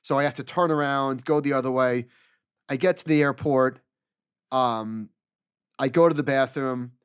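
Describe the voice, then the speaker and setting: A man's voice: mid-range voice, normal speed, clear, resonant tone, dry recording, clean studio sound. Exasperated man telling a story. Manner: animated, exasperated retelling with quoted dialogue. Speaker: podcast co-host. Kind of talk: casual storytelling chat.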